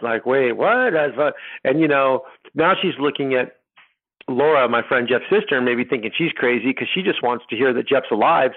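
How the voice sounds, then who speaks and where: A middle-aged man telling his personal story as a podcast guest, rambling and halting with many restarts. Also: medium pitch. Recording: tinny phone line.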